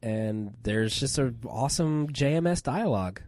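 A man with a cold chatting on a podcast, rambling excitedly with lots of fillers and restarts. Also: medium pitch, moderate pace, slight background noise. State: has a cold, on cold medicine. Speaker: podcast co-host. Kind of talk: casual chat.

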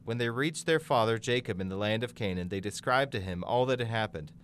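A man giving a measured, scripted Bible reading, lending quoted speakers more emphasis. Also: on the low side, a bit bright, a little hiss or hum. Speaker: Bible reader.

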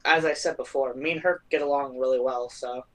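Young male podcast guest, teasing, quick casual comebacks. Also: medium pitch, steady tone. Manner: teasing, short reactions. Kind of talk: casual chat.

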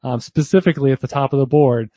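A man's voice: medium pitch, fast talker, dark tone, no echo. A man co-hosting a fantasy football show, chatting casually with lots of fillers and restarts. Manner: talkative, frequent fillers and restarts. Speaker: podcast co-host.

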